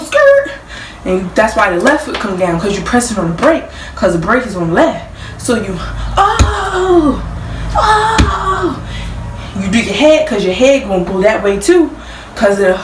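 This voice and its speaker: A woman's voice: medium pitch, far from the mic, noisy background. Goofy woman in a roomy space. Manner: goofy, playful, chatty. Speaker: vlogger. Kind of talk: casual joking explainer. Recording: roomy sound from off mic.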